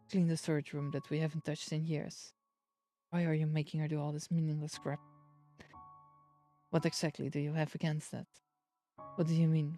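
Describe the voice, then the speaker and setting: Flat, mellow-voiced streamer reading a game aloud. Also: mid-range voice. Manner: playful, drops Japanese words into English. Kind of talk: reading a visual novel aloud and reacting. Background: soft game music.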